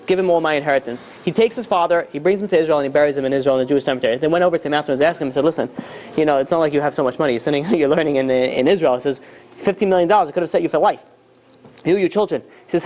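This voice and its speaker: A man's voice: a little high, a little mellow. A man, a rabbi, telling a story to a class and acting out the dialogue with lots of restarts.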